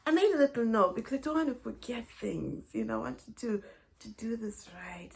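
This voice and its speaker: Speaking to camera as a vlogger, this middle-aged woman from Zimbabwe tells moving stories about her family. Her voice is fairly high, gravelly and a touch mellow, very animated yet a little slow, and she keeps repeating phrases, frequently laughing or getting teary.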